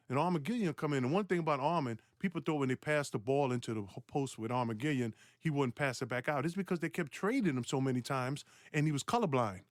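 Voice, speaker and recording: Animated man telling a story. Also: quick pace, dry recording, studio quality. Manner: animated, acts out quotes with big pitch jumps, laughs. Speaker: former NBA player telling a story. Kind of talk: animated storytelling on a podcast clip.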